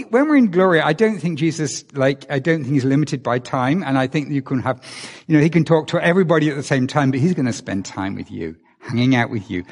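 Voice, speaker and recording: Guy giving a chatty sermon, kinda high voice, lots of questions to the crowd, big echoey hall. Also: a little mellow. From England. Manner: informal, asks the listeners many rhetorical questions. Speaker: preacher. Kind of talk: conversational sermon. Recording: long reverb of a large hall.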